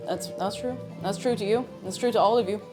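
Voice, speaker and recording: A woman's voice: mid-range voice, fairly quick, music in the background. A young Irish woman chatting casually on her livestream, bubbly and chatty as she greets viewers and reads their messages. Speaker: streamer.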